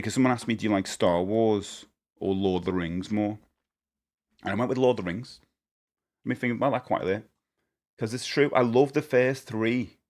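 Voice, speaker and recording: Rambling, jokey man streaming. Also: lowish voice. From United Kingdom. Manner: rambling, jokey, laughs often. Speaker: live-streamer. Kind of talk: casual live-stream chat.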